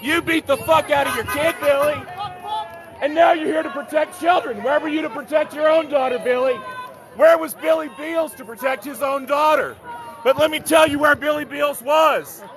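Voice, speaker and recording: A man with a very high voice yells repeated taunts and accusations into a handheld phone. He heckles in a sarcastic, relentless way. A crowd clamors around him on the street. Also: moderate pace. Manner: heckling, repetitive, sarcastic jeers. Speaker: activist filming a street confrontation. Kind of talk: confrontational shouting and taunting. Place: outdoors on a city street at a protest.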